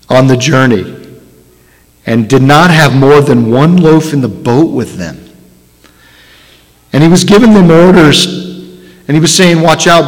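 A man, a rabbi, preaching a sermon with emphatic storytelling and frequent restarts. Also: medium pitch. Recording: long hall reverb.

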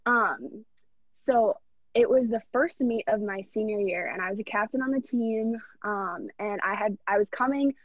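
A woman's voice: medium pitch, normal speed, dry recording. A young woman, a podcast guest, telling a personal story in an earnest, rambling, heartfelt way. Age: young adult. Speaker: podcast guest, college athlete. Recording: dull, dry lo-fi recording.

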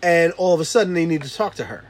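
Animated high-voiced father swearing. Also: fast talker. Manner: animated, acts out his kids and himself yelling. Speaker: father telling a story. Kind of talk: casual profane chat.

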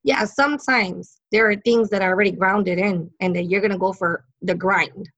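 A woman's voice: mid-range voice, steady tone, normal speed, fairly bright tone. Chatty woman psychic, muffled recording. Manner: chatty, laughs often, many fillers. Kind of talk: casual interview storytelling.

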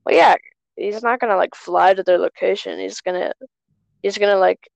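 Casual podcast host, woman, gravelly mid-pitched voice, dry close sound, phone call. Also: fairly even intonation, moderate pace, no echo. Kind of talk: casual chat. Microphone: phone on a group call.

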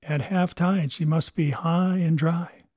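A man's voice: a little high, steady tone, slow pace, darkish tone, no echo, clean studio sound. A man voicing a remorseful but firm young boy who pleads yet stands resolute in a storybook reading.

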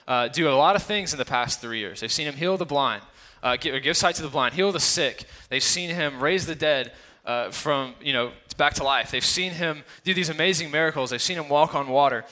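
A man's voice: on the high side, pushed and bright. A man preaching a casual sermon, talking conversationally with many fillers and acting out the quotes of the people in the story.

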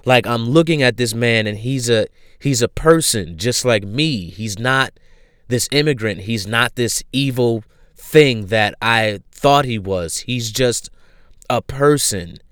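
A man casually retelling a show he recommends, animated and full of fillers. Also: medium pitch, slow pace, clean tone, no room sound, clean studio sound. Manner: animated storyteller, many fillers.

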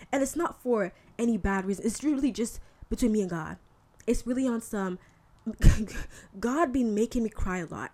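A woman hosting a podcast and giving a casual faith talk monologue, candid and animated, with slangy asides. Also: mid-range voice. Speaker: podcast host.

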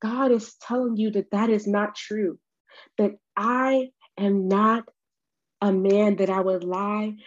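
A woman delivers a devotional podcast message, slow and deliberate, earnest and encouraging as she speaks right to the listener. Her voice is mid-pitched and comes through a slightly dull, muffled recording. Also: a little mellow. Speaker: podcast host.

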